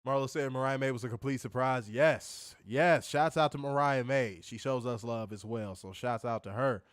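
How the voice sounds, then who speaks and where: A man's voice: mid-range voice, normal speed, hardly any pauses, no room sound, clean studio sound. A man hosting a casual wrestling review show, recapping matches in a loose, profane way and laughing often.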